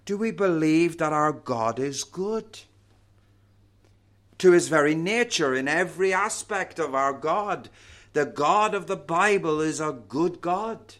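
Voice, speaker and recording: A man delivers a sermon at an unhurried, deliberate pace. His voice sits a little higher than most men's and leans hard on each key word. Phrases often settle into a low, soft close. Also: animated. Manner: slow, emphatic, drops to a low soft close on key words. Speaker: preacher.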